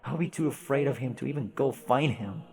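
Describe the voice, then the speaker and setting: A man's voice: medium pitch, brisk, vocal fry, a little mellow, in a large hall, lightly acted. Man voicing Jade, a grieving frightened girl. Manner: pleading, shaky, upset. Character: grieving lonely young girl, scared, tearful.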